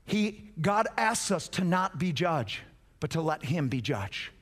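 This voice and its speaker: A man preaching a sermon as pastor, passionate, repeating words for emphasis and swinging between loud urgency and hushed intensity. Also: a little high, very animated, measured pace, slightly rough.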